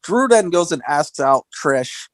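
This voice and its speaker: Animated man retelling wrestling stories. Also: fairly high pitch, unhurried, no room sound. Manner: animated storyteller acting out quotes. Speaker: podcast co-host. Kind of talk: casual wrestling chat.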